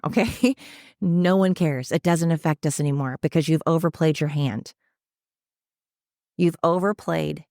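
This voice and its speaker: A woman's voice: low-pitched, creaky, no room sound, studio quality. A woman hosting a solo podcast, ranting with opinionated, sarcastic asides and free swearing. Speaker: podcast host. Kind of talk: casual solo podcast monologue.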